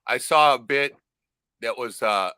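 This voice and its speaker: Bright, profane rambling storyteller man. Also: medium pitch, measured pace, smooth, dry recording. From Alaska. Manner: profane, rambling storyteller with loud acted-out shouts. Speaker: podcast co-host. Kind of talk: casual podcast chat.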